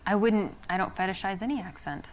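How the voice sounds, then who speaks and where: A woman's voice: mid-range voice, a little fast, slight background noise, close to an everyday voice. An actress playing an unimpressed young American woman on a date, answering in a dry and dismissive way.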